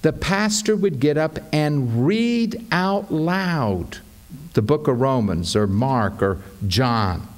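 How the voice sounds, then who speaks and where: A man preaching a sermon as pastor, explaining scripture with emphatic, deliberate delivery. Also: fairly high pitch.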